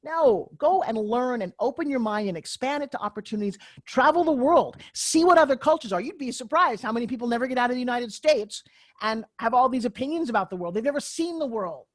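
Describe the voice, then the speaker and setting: A middle-aged woman, a guest on a podcast interview, speaking as an emphatic, energetic motivational speaker. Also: fairly high pitch, brisk.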